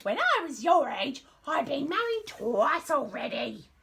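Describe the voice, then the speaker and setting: A woman voicing a grumpy, bossy old queen who scolds loudly in a high, shrill voice. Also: sing-song, a little slow, vocal fry, full character voice. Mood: nagging.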